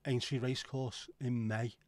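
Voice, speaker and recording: A man's voice: mid-range voice, little pitch movement, moderate pace, a little mellow, no echo. Rambling middle-aged man, livestream host. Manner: rambling, sweary, reads out chat comments. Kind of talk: casual livestream chat.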